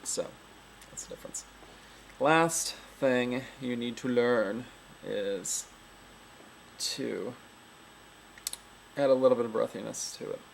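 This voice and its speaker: A woman's voice: rumbling low, takes it slowly, gravelly, pauses often, a little hiss or hum, poor audio. A woman giving a casual, rambling voice tutorial, full of fillers and frequent laughs. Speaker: voice coach.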